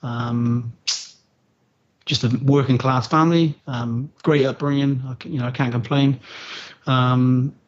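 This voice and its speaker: A husky-voiced man in his forties speaks with a West Country accent that carries an Australian twang. He talks in a laid-back, matey way, recorded on dull, muffled audio. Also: mid-range voice, fairly even intonation, measured pace. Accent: West Country English with an Australian twang. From Southwest England. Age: 40s. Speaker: guest, retired soldier. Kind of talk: casual interview.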